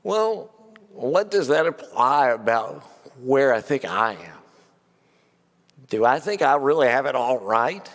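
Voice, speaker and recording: A man teaching a church Bible class in an easy, conversational way. He keeps turning to rhetorical questions for his listeners. His voice sits at a middle pitch and carries a long hall reverb. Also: sing-song, slow, a bit bright. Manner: conversational, asks many rhetorical questions, frequent "you know". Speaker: preacher.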